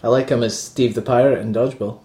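A man's voice: mid-range voice, steady tone, quick pace, mellow. Jokey man on a roomy podcast. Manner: jokey, teasing, laughs often. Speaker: podcast co-host. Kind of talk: casual film review chat. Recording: roomy echo.

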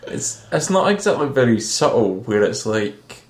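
A man's voice: mid-range voice, big pitch swings, normal speed. Wry bantering man, echoey room. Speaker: podcast co-host. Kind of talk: casual film review chat. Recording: roomy echo.

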